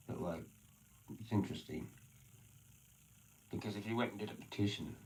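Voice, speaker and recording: A man ranting alone on a livestream, swearing constantly and swinging from low mumbling to loud shouting. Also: slight background noise, poor audio. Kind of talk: rambling solo livestream rant.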